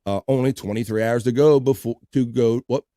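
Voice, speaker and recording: A man's voice: mid-range voice, brisk, mellow, dry recording, studio quality. A man hosting a casual livestream show, reading chat aloud, laughing and swearing loosely. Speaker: host.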